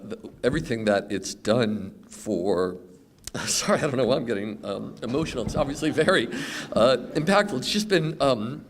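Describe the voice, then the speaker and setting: A man in his fifties giving an earnest, heartfelt award acceptance speech, halting with many fillers and restarts. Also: lowish voice, slight background noise. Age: 50s. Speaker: award recipient. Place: awards event.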